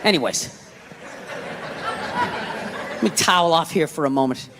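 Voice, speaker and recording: A man doing a loud, profane stand-up routine on a comedy stage. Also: on the high side, expressive, a little slow, big-room sound, a crowd in the background, noisy background. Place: comedy stage with a live audience.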